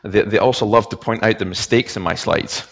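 A man's voice: lowish voice, steady tone, fairly quick, a bit bright, muffled recording. A man giving a church sermon and reading scripture, hesitant, with many fillers and repeated words. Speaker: preacher.

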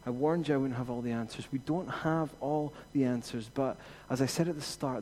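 A man preaching a sermon as pastor, rising to emphatic peaks and then dropping to quiet reassurance. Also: mid-range voice, normal speed, few pauses, a little hiss or hum.

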